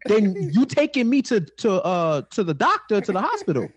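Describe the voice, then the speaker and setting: A man from New York chatting on a podcast, his voice husky and a little high. He talks in slang and spins stories with quick impressions of people. The recording is dry and close. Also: huge pitch swings, no echo. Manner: slangy, storytelling with gym-buddy impressions. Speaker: podcast co-host. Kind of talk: casual chat.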